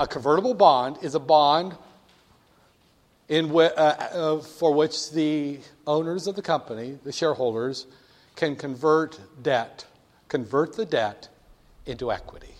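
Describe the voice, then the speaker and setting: A man giving a classroom lecture in an animated, joking way, talking directly to his students. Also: on the high side. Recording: long hall reverb.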